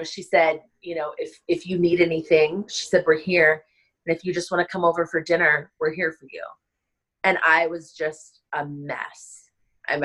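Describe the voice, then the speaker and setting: A woman wedding planner, middle-aged, telling a personal story in a casual interview, emotional and halting, with many restarts and fillers. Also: low voice, fairly bright tone, low-quality recording.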